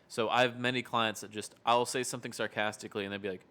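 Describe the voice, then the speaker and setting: Male therapist co-host, low voice, explanatory, easy laugh. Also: flat delivery, fast, bright, forceful tone. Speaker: behavioral therapist, podcast co-host. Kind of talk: casual podcast chat.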